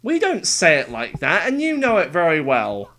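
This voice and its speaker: Animated streamer reacting live. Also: mid-range voice. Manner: excitable, quick exclamations and disbelief; talks straight to chat with casual slang. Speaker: livestreamer. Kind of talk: casual live reaction commentary.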